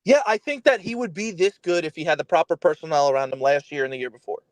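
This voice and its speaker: A man's voice: fairly high pitch, fast, no echo. A man co-hosting a sports show by remote call, arguing angrily and cursing as he talks over the other host. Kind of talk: heated sports debate.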